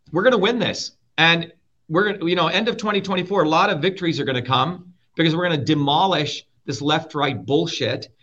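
A man with a slightly high, somewhat bright voice is interviewed as a political candidate, arguing in a combative, emphatic way and swearing often. The heated exchange comes through with muffled, lo-fi sound.

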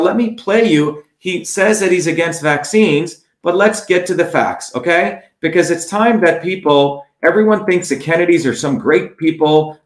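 Blunt, combative man in an echoey room. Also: a little high. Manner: blunt, scornful, repeats "okay?". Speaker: political candidate livestreaming. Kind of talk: combative campaign livestream, reading viewer comments.

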